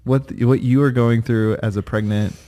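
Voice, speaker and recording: Man, thirties, mid-pitched voice, playful, teasing, laughs a lot, casual podcast co-host. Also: steady tone, moderate pace, dark tone. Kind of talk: casual chat.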